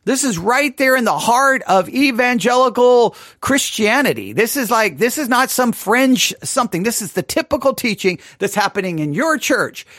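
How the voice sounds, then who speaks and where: A male Bible teacher delivers a long sermon in a loose, conversational way, needling his listeners with sarcasm. His pitch leaps and dips all over the place. The recording is dry and close. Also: very animated, moderate pace, hardly any pauses, a bit bright, dry recording.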